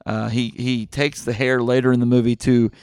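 Middle-aged man, podcast host, rambling excitable recap, dry close mic, mid-pitched voice. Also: moderate pace, clear, resonant tone, dry recording. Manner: rambling, excitable retelling with many fillers and restarts. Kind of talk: casual movie podcast chat.

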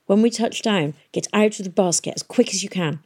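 A woman's voice: mid-range voice, brisk, mellow, lightly acted. A woman voicing a fierce, blunt young woman in an audiobook, speaking curt and matter-of-fact. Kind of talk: audiobook character voice.

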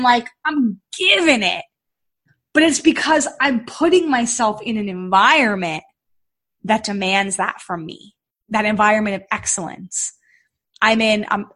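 Husky-voiced woman telling a story. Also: a little high. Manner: animated, acts out quoted dialogue. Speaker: podcast host and health and fitness coach. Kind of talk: personal storytelling monologue.

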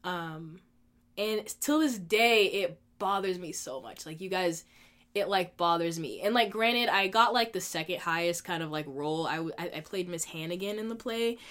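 A woman's voice: lowish voice, moderate pace, a bit bright. A woman in her twenties hosting a podcast, talking candidly and emotionally in a casual monologue, filling her speech with "like" and swearing freely. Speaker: podcast host.

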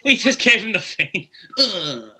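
A man co-hosting a casual podcast, watching wrestling and trading animated, profane banter with friends. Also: high-pitched, a little slow, breathy edge. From Vermont. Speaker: podcast co-host. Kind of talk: casual watch-along chat.

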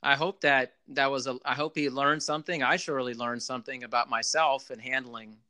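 Bright-voiced man telling stories. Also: medium pitch, a little fast, dry recording, studio quality. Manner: animated, repeats "you know" often. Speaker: former club general manager. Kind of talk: casual storytelling chat.

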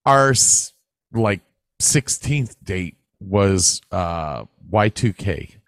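Lively low-voiced man telling stories. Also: drawn-out words, no echo, studio quality. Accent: northern US. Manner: animated rambling storyteller, swears freely. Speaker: podcast co-host. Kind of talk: casual chat. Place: Texas.

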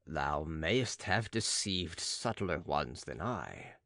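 A man reading a stern, deep-voiced prophet. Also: big pitch swings, a bit bright, no room sound, studio quality, full character voice. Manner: grave, measured, archaic declamation. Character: stern, solemn male prophet-sage. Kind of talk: audiobook dramatic reading.

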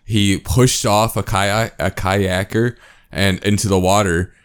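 A man's voice: fairly low pitch, fairly even intonation, takes it slowly, clean tone. A man in casual chat, reacting briefly and chuckling along.

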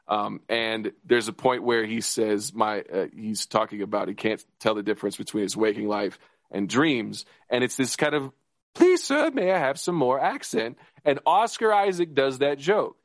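Excited rambling man on a dry mic. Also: fairly low pitch, no room sound. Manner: excited, rambling, fast with restarts and laughs. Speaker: podcast co-host. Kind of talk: casual chat.

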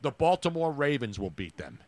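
A man's voice: mid-range voice, sing-song, a little fast, over a noisy crowd. A man co-hosting a sports podcast, joking and rambling in casual chat. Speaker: podcast co-host.

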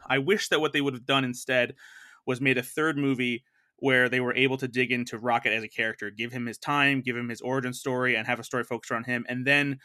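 A man's voice: mid-range voice, flat delivery, quick pace, pushed and bright, no echo, studio quality. A man co-hosting a film podcast, reviewing movies in a rambling, earnest way with many fillers and restarts. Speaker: film editor, podcast co-host. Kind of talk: casual film review chat.

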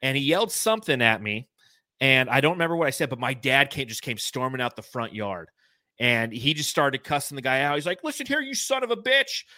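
Telling stories with animation and plenty of laughter, a Californian man co-hosts an informal sports podcast. He speaks slightly fast at a medium pitch, and the track has no room sound.

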